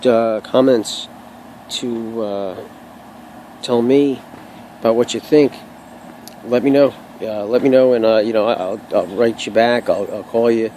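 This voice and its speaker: A man's voice: lowish voice, mellow, low-quality recording. Rambling young man, faint hum behind. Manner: rambling, many restarts and fillers, swears freely. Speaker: vlogger sharing his own experience. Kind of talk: casual unscripted monologue to camera.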